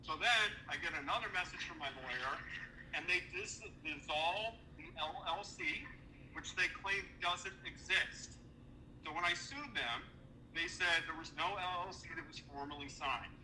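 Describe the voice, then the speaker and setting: On poor audio with a touch of background noise, a man with a slightly high, bright and forceful voice speaks at a moderate pace. He's a podcast guest telling an indignant, profanity-laced story about a business dispute, voicing the people he quotes.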